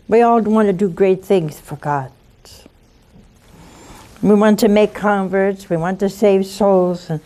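Woman preacher on a call-in show, slow and mellow, coaxing and intimate. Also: medium pitch. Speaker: religious TV host and preacher. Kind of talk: devotional preaching with call-ins.

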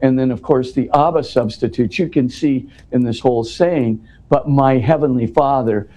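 A man's voice: medium pitch, moderate pace, warm tone. A man speaking as an interview guest, explaining at length in an earnest, conversational way and often restarting his words.

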